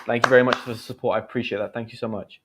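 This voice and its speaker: A man's voice: mid-range voice, fairly even intonation, very fast, very noisy. A man, teaching and chatting on a livestream in a chatty, encouraging way. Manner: chatty, encouraging, reads out comments. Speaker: English teacher hosting a livestream. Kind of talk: live-stream chat and teaching.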